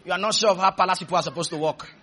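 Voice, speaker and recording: A male preacher delivering a sermon, emphatic and loud, leading the congregation in call-and-response and telling stories with playful asides. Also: sits high, rapid-fire, a little hiss or hum. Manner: emphatic, with sudden shouted bursts and call-and-response.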